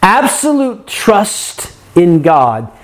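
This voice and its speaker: A man's voice: high voice, wildly swooping pitch, drawn-out words. A man preaching a sermon, earnest, asking the congregation rhetorical questions and acting out their complaints.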